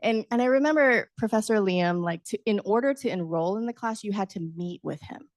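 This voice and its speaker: A middle-aged woman, a book author, telling a lively personal story at a book talk, laughing often and acting out her younger self. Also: medium pitch, fairly quick, no echo, clean studio sound. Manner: animated, acts out her past self, laughs often, says "right?". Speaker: author guest.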